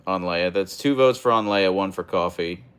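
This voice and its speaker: A man's voice: sits low, moderate pace, a bit bright, clean tone. A young man hosting a casual livestream, reading chat aloud and answering in a rambling, hesitant way with many fillers and restarts.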